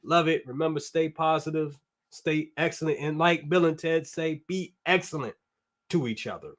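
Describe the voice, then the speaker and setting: A man's voice: fairly high pitch, moderate pace. A man hosting a toy review live stream, rambling in an upbeat, slangy way and reading out viewer comments. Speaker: toy review show host. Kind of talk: casual live-stream chat.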